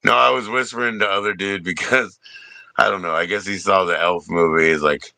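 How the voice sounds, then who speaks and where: A man's voice: low-pitched, brisk, vocal fry, pushed and bright, dry recording. A man hosting a livestream in casual chat, joking, teasing and swearing freely. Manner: joking, profane, teasing banter. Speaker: livestream host.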